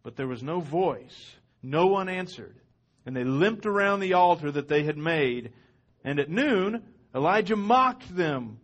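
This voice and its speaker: High-voiced man reading scripture dramatically. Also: measured pace. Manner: expressive dramatic reading, rising loud on quotes. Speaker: pastor.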